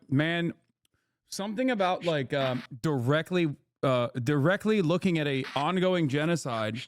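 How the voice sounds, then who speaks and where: A man giving casual livestream commentary on news clips, blunt and sarcastic, swearing freely and rambling through restarts. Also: a little high. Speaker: streamer reacting to news clips.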